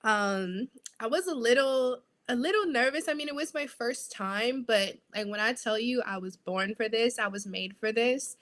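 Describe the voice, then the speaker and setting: A young adult woman, a sideline reporter, telling her story as an interview guest in an animated, lively way. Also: fairly high pitch, moderate pace.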